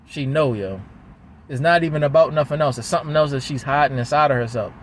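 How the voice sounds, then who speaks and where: A man's voice: medium pitch, fast talker, a little hiss or hum. A man from talking to the camera, venting in a heated, rambling way and swearing often. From Baltimore, USA. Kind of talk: emotional venting monologue.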